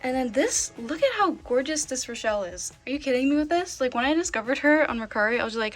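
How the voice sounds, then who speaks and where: Chatty young woman, slightly high voice. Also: animated, fast, hardly any pauses, soft background music. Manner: gushing, lots of filler "like". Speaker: vlogger, doll collector. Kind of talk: casual show-and-tell chat.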